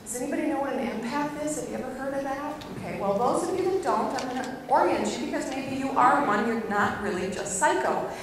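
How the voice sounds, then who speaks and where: A middle-aged woman giving a humorous sermon as a guest speaker, telling a personal story with animated storytelling and bursts of mock anger. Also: high voice, fairly quick, hardly any pauses, a little hiss or hum. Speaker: guest speaker at a church service. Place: large church hall. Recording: echoey hall recorded from far off.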